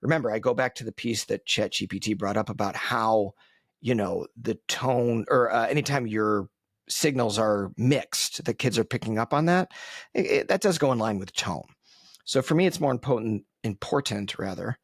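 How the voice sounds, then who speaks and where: A man with a somewhat low, husky voice talks through his podcast on his own, thinking aloud with plenty of ums and side remarks. The sound is dry and close, with no room around it. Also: moderate pace, no room sound. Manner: conversational, frequent ums and asides, reflective. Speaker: podcast host. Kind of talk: solo podcast commentary.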